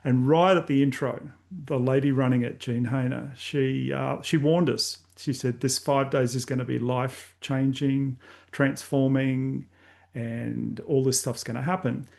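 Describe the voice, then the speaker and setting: Older Australian man, gravelly mid-range voice, candid and rambling storyteller with loose filler words. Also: medium pitch, fairly even intonation, unhurried, a little mellow. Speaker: podcast host guest. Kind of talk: casual storytelling interview.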